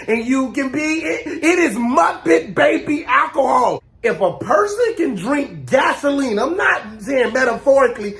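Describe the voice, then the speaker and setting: Male comic, high voice, loud animated rants, slangy drawl. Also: vocal fry. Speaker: comedy creator. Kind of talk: comedic monologue.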